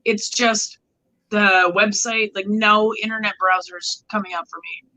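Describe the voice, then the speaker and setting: On a rough phone-mic recording, a weary woman co-hosts a livestream, drifting through casual late-night talk full of swearing and "like." Her medium-pitched voice holds a steady tone, runs a little slow, and comes across pushed and bright.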